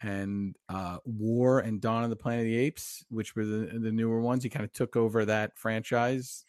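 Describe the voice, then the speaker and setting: Chatty low-voiced man co-hosting a podcast. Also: fairly even intonation, a little mellow, no echo, studio quality. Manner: chatty, talks fast with laughs and fillers. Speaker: podcast co-host. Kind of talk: casual chat.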